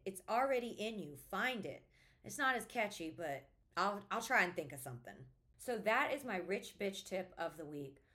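A woman, hosting a casual podcast monologue and talking candidly with lots of swearing. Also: medium pitch. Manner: candid, profane, animated storytelling. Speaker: podcast host, attorney.

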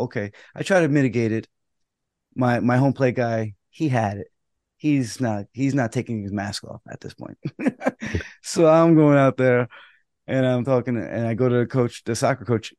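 A man's voice: mid-range voice, no echo. A man co-hosts a casual podcast and tells his umpiring stories with energy, acting out both sides of each argument. He swears now and then without thinking about it. The sound is dry and close, with no room around him. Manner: animated storytelling, acts out both sides of quarrels.

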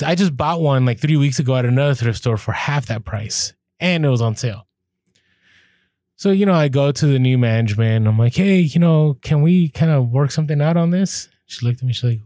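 With a medium pitch and a fairly quick delivery, this podcast co-host chats casually and acts out quoted conversations as an animated storyteller. There's no room sound, and the audio is studio quality.

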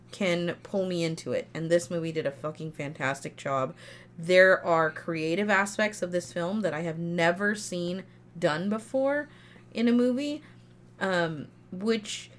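A woman's voice: lowish voice, a bit bright. Young female podcast co-host, candid and emphatic, casual film talk. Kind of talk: casual film review chat.

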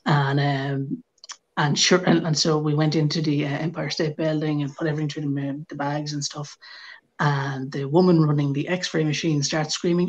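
A man's voice: fairly high pitch, normal speed, lo-fi sound. A man with an Irish accent on a podcast, telling a casual anecdote and acting out the quotes. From Ireland. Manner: animated anecdote teller, acts out shouted quotes. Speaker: podcast co-host. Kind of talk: casual storytelling.

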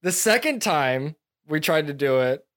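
A man's voice: on the high side, lively intonation, measured pace, fairly bright tone. A man co-hosting a podcast in casual chat, teasing with dry jokes. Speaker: podcast co-host.

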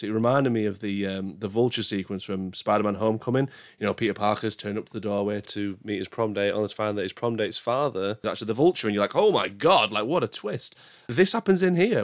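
Male film reviewer, lower register, chatty and emphatic, flashes of outrage. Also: no echo. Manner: emphatic, with bursts of exasperated outrage. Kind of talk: casual spoken film review.

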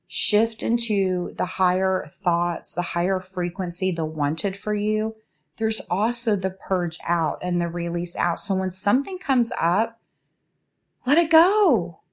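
A woman speaking as a spiritual coach in a slow, soothing, inviting way, asking many reflective questions. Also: medium pitch. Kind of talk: reflective guided talk.

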